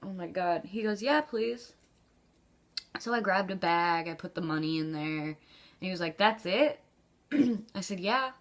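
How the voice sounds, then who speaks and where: A woman vlogger telling a personal story in a casual, chatty way, with frequent laughs and ums, jumping up in pitch when she acts out quoted lines. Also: steady tone, normal speed.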